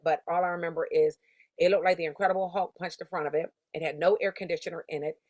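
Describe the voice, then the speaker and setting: A woman's voice: lowish voice, no echo. A woman sales coach giving a motivational lesson in an emphatic, conversational, slangy storytelling manner. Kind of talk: motivational teaching talk.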